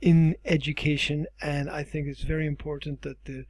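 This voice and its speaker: A man with a somewhat high, gravelly voice chats loosely as a teacher interviewing his student. He restarts and repeats words as he finds his thoughts, and his voice sounds worn. The sound is dry and close. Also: little pitch movement, moderate pace, no room sound, low-quality recording. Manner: rambling, repeats words while thinking. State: losing his voice. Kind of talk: casual interview.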